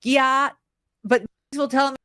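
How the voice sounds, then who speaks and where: Woman, higher voice, bemused chatty mom talk, dry close sound. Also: fairly even intonation, slow pace, pushed and bright, no room sound. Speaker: guest. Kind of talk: casual chat.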